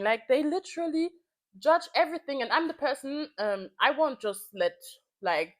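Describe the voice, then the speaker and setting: A woman in her twenties venting in a casual vlog, frank and heated, swearing freely and repeating phrases for emphasis. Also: on the high side. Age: 20s. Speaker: vlogger.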